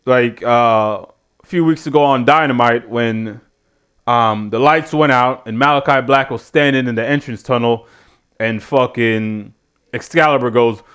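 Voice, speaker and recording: A man's voice: mid-range voice, a little slow, a bit bright, smooth. Sardonic, foul-mouthed man ranting. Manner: swears freely, rambling and sardonic. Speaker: show host reviewing wrestling. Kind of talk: casual profane rant.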